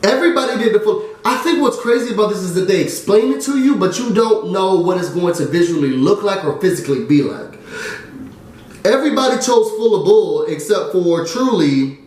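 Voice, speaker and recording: A man's voice: high-pitched, brisk. Chatty man in a very echoey room. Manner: chatty and excitable, drops fillers and "da, da, da". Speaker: TV recap vlogger. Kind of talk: casual recap and review.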